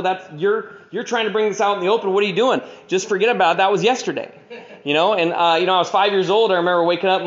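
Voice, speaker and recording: Guy rambling fast thru his story, lots of "you know", dark jokes, kinda muffled lo-fi sound. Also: fairly high pitch. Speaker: speaker sharing his recovery story. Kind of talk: candid storytelling to an audience.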